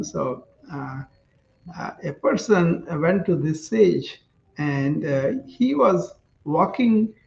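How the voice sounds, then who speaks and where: A man casually telling a spiritual story in an unhurried, reflective and halting way, as the host of a wellness tips series. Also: fairly high pitch, gravelly, echoey room, lo-fi sound, a little hiss or hum.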